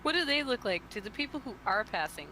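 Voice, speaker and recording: A woman player in a tabletop game who jokes and makes quick quips. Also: a little high, sing-song, bright, forceful tone, slight background noise.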